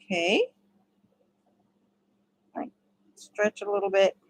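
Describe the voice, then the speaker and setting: A woman's voice: medium pitch, slow, poor audio. A woman giving a casual step-by-step crochet tutorial, chatty and laughing often. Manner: chatty, laughs often, talks to her dogs.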